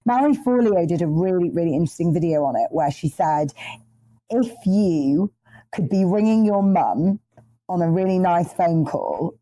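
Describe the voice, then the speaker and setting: A woman in her thirties, a podcast guest telling stories in an animated, rambling way. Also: on the low side, normal speed, dry recording, poor audio. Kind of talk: casual interview chat.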